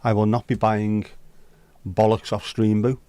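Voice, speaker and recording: A man's voice: on the low side, little pitch movement, a little slow, mellow, clean tone, no echo. A man hosting a casual livestream, chatting and joking with viewers as he reads their comments. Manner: chatty, joking, bantering with chat. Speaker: livestream host of a virtual pub.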